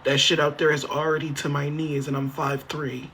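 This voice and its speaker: On a phone livestream from a motel room, a man with a fairly high, level voice talks at normal speed with a sharp tone over slight background noise. Half joking, he rambles, repeats himself and swears freely while speaking straight to chat, asking his viewers for help.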